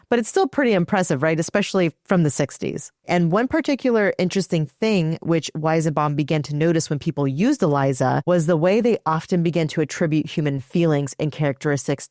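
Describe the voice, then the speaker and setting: A woman co-hosts a tech podcast in an upbeat, chatty way and reads a scripted segment. Her voice sits a little low, and the studio sound is dry and close. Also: darkish tone, no echo. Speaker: podcast co-host.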